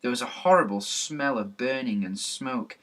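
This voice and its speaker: A man reading a children's storybook aloud, narrating in a lively, even manner. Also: medium pitch, moderate pace. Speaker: reader.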